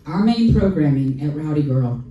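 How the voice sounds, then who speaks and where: A woman's voice: low voice, normal speed, recorded from a distance, muffled recording. Woman telling a story in an echoey hall. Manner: lively, acts out quoted dialogue, repeats key lines for emphasis. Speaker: sanctuary founder on a festival panel. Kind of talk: animated personal storytelling to an audience.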